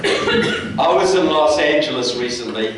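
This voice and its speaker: A man's voice: on the high side, expressive, moderate pace, heavy background noise. A man from New Zealand with a New Zealand accent, giving a folksy, direct speech to a local group, recorded in a meeting hall. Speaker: guest speaker. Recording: echoey hall, mic far off.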